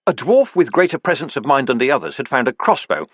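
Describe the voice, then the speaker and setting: Man reading a dark fantasy audiobook. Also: mid-range voice, no room sound. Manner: vivid, expressive reading with deliberate pauses. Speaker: audiobook narrator. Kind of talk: dramatic audiobook narration.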